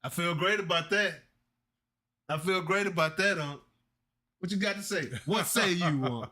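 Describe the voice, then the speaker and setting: A man co-hosting a casual sports talk show, talking in an excited, emphatic, folksy way. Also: sits high, moderate pace. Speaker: co-host.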